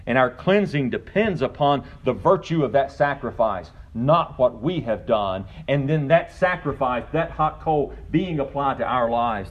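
Man preaching a dull lo-fi sermon. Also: medium pitch. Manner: preaching with rising, emphatic delivery. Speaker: pastor.

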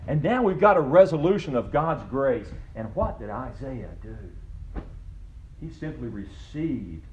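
A man's voice: medium pitch, animated, unhurried, darkish tone, a little hiss or hum. Man preaching a dull lo-fi sermon. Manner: preaching with rising, emphatic delivery. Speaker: pastor.

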